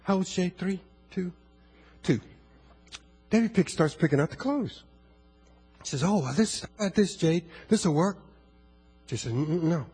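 An older male pastor delivering a sermon in a high-pitched, husky voice. He slips into low, hushed storytelling, then rises into loud, fervent calls to his congregation. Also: lively intonation, normal speed, long pauses, soft background music.

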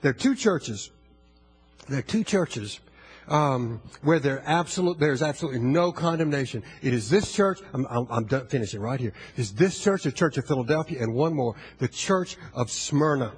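A man, older, preaching a sermon, moving from low, quiet storytelling to loud, fervent exhortation. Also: lively intonation, moderate pace, breathy edge. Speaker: pastor.

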